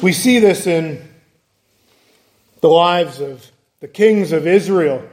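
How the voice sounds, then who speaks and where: High-voiced preacher in an echoey room. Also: male voice, slow, a little mellow. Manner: earnest, builds emphasis with repetition and rhetorical questions. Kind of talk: sermon.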